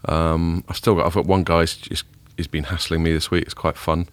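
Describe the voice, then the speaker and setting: A man hosting a podcast in casual chat, rambling and self-deprecating, a little hungover and rough-voiced. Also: sits low, little pitch movement, normal speed, dry recording. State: hungover, voice a bit deeper than usual. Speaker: podcast host.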